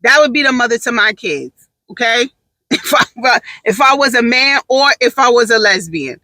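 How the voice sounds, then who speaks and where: A woman's voice: on the high side, lively intonation, moderate pace, sharp tone, dry recording, rough recording. A woman giving her candid opinions in a brash, profane, emphatic way, repeating phrases for emphasis and laughing easily. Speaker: podcast talker.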